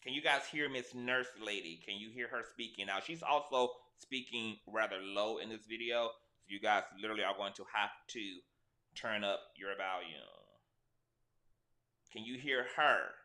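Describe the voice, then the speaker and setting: A man's voice: on the low side, moderate pace, bright, forceful tone. A man hosting a casual livestream, blunt and profane, talking straight to his viewers through a cheap desk microphone. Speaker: livestream host. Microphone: cheap desk mic.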